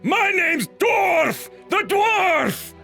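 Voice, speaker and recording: A man voicing a boisterous male dwarf shopkeeper who shouts and chants his own name. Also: very high-pitched, sing-song, extremely slow, gravelly, soft background music, pitched above the performer's own voice, full character voice. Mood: rowdy. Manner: shouting, sing-song chanting.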